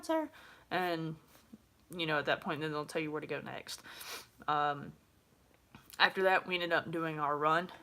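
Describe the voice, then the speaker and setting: A woman's voice: sits low, sharp tone. A woman, talking frankly to camera in a casual vlog, with lots of fillers. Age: 20s. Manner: chatty, frank, many fillers. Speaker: vlogger.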